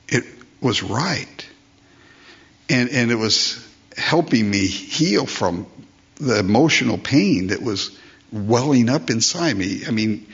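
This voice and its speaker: Older male pastor, sermon delivery, rhetorical questions, mid pitch, slightly husky; muffled recording. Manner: emphatic, repeats phrases, asks rhetorical questions.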